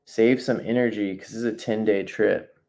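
A man teaching nature journaling talks through a casual live painting demonstration, thinking aloud and often breaking off to restart his sentences. His voice runs on the low side at a moderate pace, and he stays friendly and encouraging as he invites viewers to sketch along.

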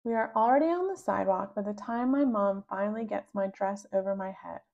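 A woman reading a children's book aloud, narrating slowly and expressively in the first person. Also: medium pitch, gravelly, phone-quality sound. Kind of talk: read-aloud storybook narration.

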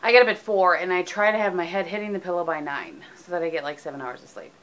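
A woman's voice: lowish voice, fast, a bit bright. A middle-aged woman from the United States, chatting casually in a home vlog with lots of ums, tired and sleepy, recorded on a camera mic. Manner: chatty, rambling, frequent ums. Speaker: vlogger.

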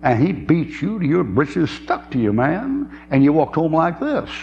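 A man's voice: fairly high pitch, wildly swooping pitch, unhurried, darkish tone. A man, preaching a folksy sermon, telling stories and laughing often. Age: 70s. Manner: folksy storytelling, laughs often, drawling asides. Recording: dull lo-fi tape with faint hum.

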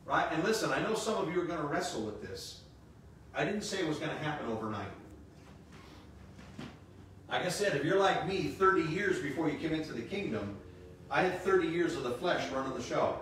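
A pastor in his fifties preaches with a fairly high, expressive, slightly bright voice, moving briskly but pausing often. He's emphatic, repeats phrases, and slips in jokes. The sanctuary recording is echoey, with a distant mic and faint hiss.

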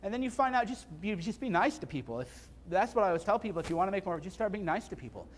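Guy with a pretty high voice talking at a seminar, blunt and repetitive, faint hum behind. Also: lively intonation, fast. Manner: casual, blunt, repetitive emphasis. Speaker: seminar speaker. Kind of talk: live seminar talk. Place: seminar room before an audience.

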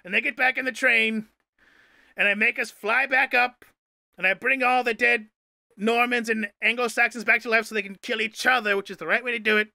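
High, gravelly, bright-voiced man telling tall tales. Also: steady tone, brisk, dry recording. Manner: theatrical, grandiose, playful. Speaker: host. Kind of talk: improvised comedic storytelling on a live stream.

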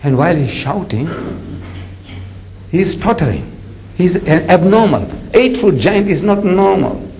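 A man preaching a lecture, animated and jokey, telling stories with acted-out voices. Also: sits high, a little slow, long pauses, slight background noise, low-quality recording. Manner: animated, jokey, acts out characters. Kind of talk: lecture with dramatic storytelling.

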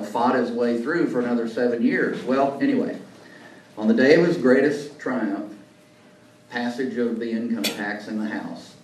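A man's voice: on the low side, darkish tone. Folksy male speaker in an echoey room. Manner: anecdotal storyteller, folksy asides. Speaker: guest speaker, journalist. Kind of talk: after-lunch talk to a club. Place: meeting room. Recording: echoey room, distant mic, faint noise.

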